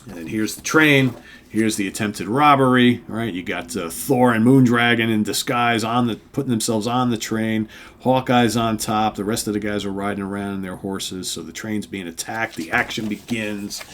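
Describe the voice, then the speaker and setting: A man's voice: lowish voice, steady tone, moderate pace, fairly bright tone, a little hiss or hum. An older man hosting a casual comic read-through, rambling and checking in with "right?" and "of course". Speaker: comic book reviewer host.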